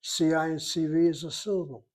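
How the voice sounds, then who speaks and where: A man's voice: fairly high pitch, fairly even intonation, fairly quick, darkish tone. A man teaching a recorded grammar lesson, reasoning aloud step by step in a methodical way. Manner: methodical, talks himself through each step. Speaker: Hebrew teacher.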